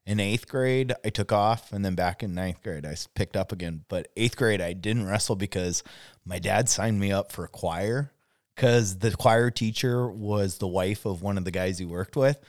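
A man's voice: fairly low pitch, moderate pace, dry recording, studio quality. A man co-hosting a casual podcast, telling rambling, profane anecdotes. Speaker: podcast co-host.

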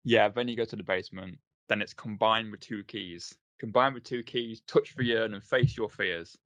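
A man's voice: lowish voice, moderate pace, fairly bright tone, no room sound. A man co-hosting a podcast in casual chat, recounting things hesitantly with many fillers. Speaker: podcast co-host.

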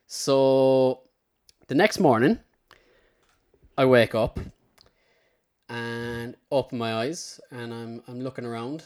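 A man's voice: mid-range voice, takes it slowly, long pauses, darkish tone, clear, resonant tone. A man, a podcast guest telling a rambling story in casual chat, swearing freely and muttering his own past remarks under his breath.

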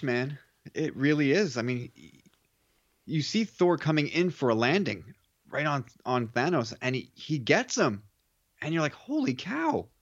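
A man's voice: on the high side, no echo. Guest man on dull, dry remote audio. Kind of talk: casual film review chat.

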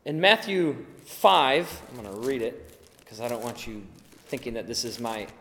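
A man's voice: medium pitch, moderate pace, bright, forceful tone. A man preaching a sermon in an earnest, emphatic way, now and then acting out the voices he quotes. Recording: echoey hall with long reverb.

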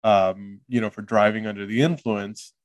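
A man's voice: lowish voice, steady tone, moderate pace, dry recording. A man co-hosting a movie podcast, thinking aloud in a hesitant way. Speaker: podcast co-host. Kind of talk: casual movie discussion.

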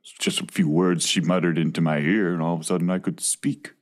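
A man playing a polite, put-upon talking cow in an improv comedy scene, speaking deadpan and apologetic. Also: low voice, a little fast, pitched below the performer's own voice, lightly acted.

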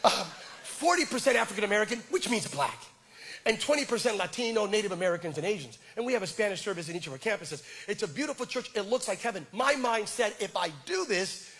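A middle-aged male pastor preaching with animated, self-deprecating personal stories and frequent stammered restarts. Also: sits high, fast talker, breathy edge. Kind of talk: sermon with personal storytelling.

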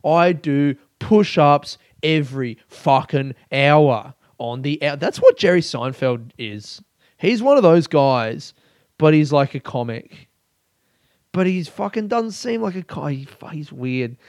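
A young man talks on his own podcast in a fairly high, lively voice. He rambles, swears freely and winds himself into mock fury. The recording is close and dry, with no room around it. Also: slow, dry recording. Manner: rambling, sweary, mock-angry with bursts of laughter. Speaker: comedian and podcast host. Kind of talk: casual solo podcast monologue.

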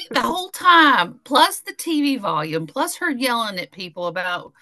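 A woman with a bright, clear voice chats casually on a podcast. Her pitch swings a lot as she tells stories and acts out what people said. She laughs often and talks in a relaxed, easygoing way. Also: moderate pace, a little hiss or hum. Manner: animated storytelling, laughs often, acts out quotes. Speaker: podcast co-host. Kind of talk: casual chat.

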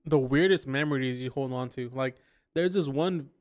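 A man's voice: medium pitch, darkish tone. A man telling crude, laughing stories in a casual drinking podcast chat. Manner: crude, storytelling, drawn-out laughs. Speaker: podcast host.

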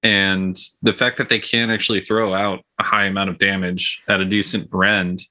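A man's voice: low-pitched, level tone, normal speed, bright, forceful tone. A man co-hosting a casual podcast about tabletop gaming, eager and full of likes and ums. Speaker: podcast co-host.

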